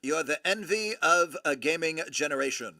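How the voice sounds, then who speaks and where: A man hosting a live stream, excitedly opening trading cards and exclaiming over each one. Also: fairly high pitch, normal speed, vocal fry, no room sound, clean studio sound. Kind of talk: live-stream card breaking.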